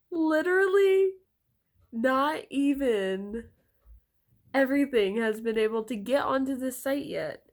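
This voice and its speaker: A woman's voice: high voice, expressive, slow. A woman telling a casual storytime vlog, rambling with many fillers and slightly congested from a cold. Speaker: storytime vlogger.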